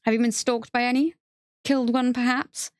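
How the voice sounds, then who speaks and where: A woman voicing a brisk female executive who speaks in a clipped, businesslike way, cool and faintly amused. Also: medium pitch, expressive, clear, resonant tone, no room sound, studio quality, pitched above the performer's own voice, close to an everyday voice.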